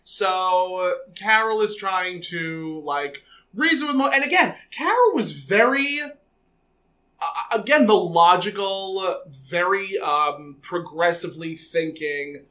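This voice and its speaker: A man's voice: high-pitched, expressive, slow pace, sharp tone. A man co-hosting a podcast, chatting casually with fillers and frequent laughter. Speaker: podcast co-host. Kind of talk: casual chat recapping a TV episode.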